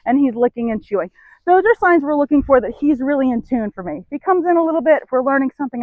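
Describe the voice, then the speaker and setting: A woman horse trainer talks the camera through a hands-on demonstration while she works a horse. Her voice sits a little high, and she breaks off now and then to praise the animal softly. The recording is dry, with a slightly dull, muffled tone. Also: no room sound.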